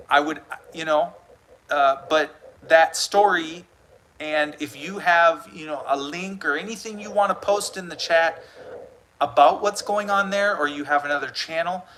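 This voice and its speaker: Responding to viewers' comments, a US-born livestream host rambles earnestly and often starts his sentences over. He sounds a little high, bright, and forceful, and the poor audio has some faint background noise.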